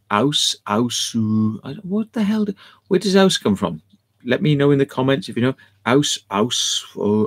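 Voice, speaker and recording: Gravelly rambling man. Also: on the low side. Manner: rambling, sardonic, swears freely. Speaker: video host. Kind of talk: rambling talk to camera. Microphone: camera mic.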